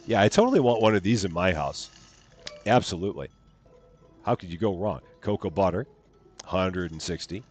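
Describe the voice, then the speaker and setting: Lively low-voiced man streaming a game. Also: moderate pace, pauses often, slightly rough, soft background music. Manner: chatty, playful, jokey asides; reads on-screen game text aloud. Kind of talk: live gameplay commentary.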